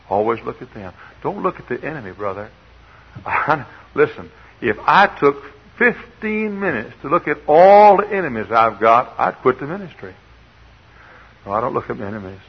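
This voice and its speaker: An older man preaching a sermon, swinging from quiet asides to shouted exhortation, on an old recording. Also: mid-range voice, breathy edge, highs cut off. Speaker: pastor.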